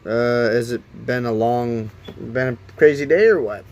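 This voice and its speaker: Guy fumbling with his phone stream, mumbling to chat, mid pitched voice, bit of hiss behind. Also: unhurried, a little mellow, lo-fi sound. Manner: frustrated, muttering while fiddling with phone settings. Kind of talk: casual live-stream chat.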